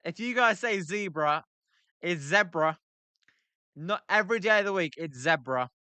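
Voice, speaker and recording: The young British host's voice is high-pitched, sharp, and clean, and he's animated and a little fast, with no echo. Reacting to a baseball game on his live stream, he keeps up chatty banter with his audience and plays around with pronunciations.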